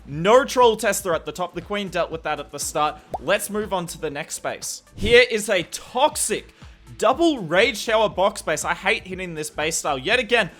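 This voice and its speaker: An Australian man commentates strategy gameplay footage with enthusiasm, explaining as he goes and poking fun at himself. His voice sits high and bright with a forceful push and lively intonation at normal speed, and soft music plays underneath.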